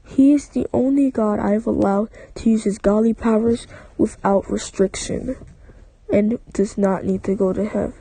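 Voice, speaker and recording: A woman's voice: medium pitch, steady tone, normal speed, mellow, husky, dry recording, poor audio. Woman voicing a formal king of the gods. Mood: stern. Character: authoritative male king of the gods.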